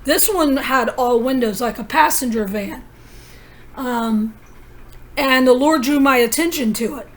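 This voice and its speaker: A woman's voice: sits high, a little slow. A woman vlogging in a rambling personal monologue, telling her story in an urgent, conspiratorial way with many asides.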